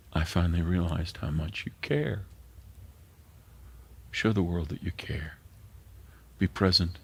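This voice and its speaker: Gravelly and low with a breathy edge, an elderly man delivers a sermon in his role as pastor. He speaks with earnest emotion, sometimes softening to a whisper at tender points.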